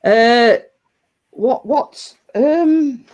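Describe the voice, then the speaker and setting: This is a woman hosting a casual live chat for her viewers. She talks slowly and rambles, circling back and restarting her sentences with plenty of fillers. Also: on the high side, darkish tone, poor audio. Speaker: livestream host.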